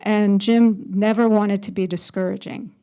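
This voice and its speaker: A woman's voice: mid-range voice, fairly even intonation, moderate pace, mellow, clean tone. A woman photographer telling stories as a panel guest, chatty, laughing often and acting out quotes. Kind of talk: storytelling on a panel.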